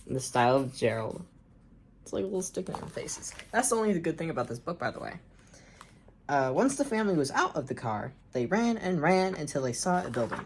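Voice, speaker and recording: Brief: young woman, low and lively voice, mocks her own childhood story between lines. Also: a little hiss or hum. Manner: sarcastic asides, frequent ums and uncertain trailing off. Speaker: reader and commentator. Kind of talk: reading her own childhood story aloud with mocking commentary.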